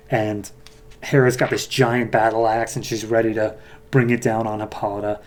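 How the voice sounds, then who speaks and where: A man's voice: fairly low pitch, little pitch movement, normal speed. Chatty man recapping a comic. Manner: loose, chatty, hedging with fillers. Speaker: podcast host. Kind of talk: casual comic book recap.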